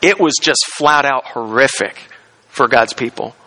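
A man preaching a sermon, explaining a Bible passage verse by verse, asking questions and slowing down on key phrases for emphasis. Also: medium pitch, sharp tone, poor audio. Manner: expository, explains Greek words, asks the congregation questions. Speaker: pastor.

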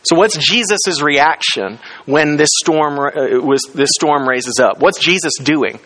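Male pastor, chatty sermon delivery, questions the congregation, a bit higher-pitched. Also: takes it slowly, fairly bright tone. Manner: conversational, asks the congregation questions; acts out quoted lines with rising pitch.

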